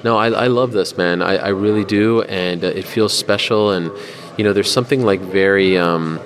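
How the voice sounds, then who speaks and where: A man's voice: sits low, moderate pace. A man, a sports journalist, chatting as a podcast guest, enthusiastic and joking, with some swearing. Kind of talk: casual interview chat. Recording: crowd chatter behind.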